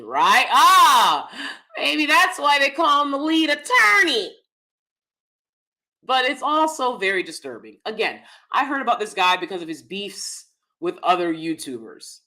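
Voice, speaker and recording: A woman with a medium-pitched, pushed and bright voice hosts a live-stream commentary. She speaks straight to her viewers in an emphatic, chatty way, repeating key phrases for stress.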